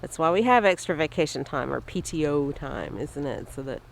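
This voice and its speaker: A middle-aged woman, sick and hoarse, chatting in a rambling way with frequent laughs while feeding chickens outdoors. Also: low-pitched, lively intonation, poor audio. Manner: slow, rambling, laughs often. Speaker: vlogger. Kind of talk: casual vlog chat. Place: outdoors in a snowy yard with chickens. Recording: outdoor background noise. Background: outdoor ambience with animals.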